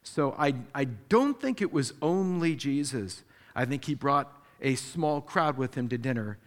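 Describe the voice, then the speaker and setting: A man preaching a sermon as pastor, animated, acting out the people he quotes with sudden jumps in pitch. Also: measured pace. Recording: long hall reverb.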